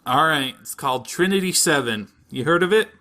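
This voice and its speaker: Man, podcast host, casual chat, rambling storyteller, bright tone. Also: on the high side, brisk. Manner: rambling, animated storyteller who laughs often. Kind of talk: casual chat recapping anime.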